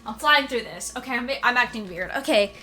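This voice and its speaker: A woman's voice: a little high, expressive, a little fast, sharp tone. A young woman chatting casually and emotionally in her reading vlog, with lots of fillers. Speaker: book vlogger.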